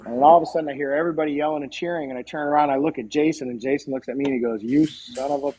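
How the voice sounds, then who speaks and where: A man as a podcast guest, telling stories in a casual, animated way and acting out the dialogue. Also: on the high side, rapid-fire, low-quality recording. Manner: animated, acts out quoted dialogue. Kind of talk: casual storytelling.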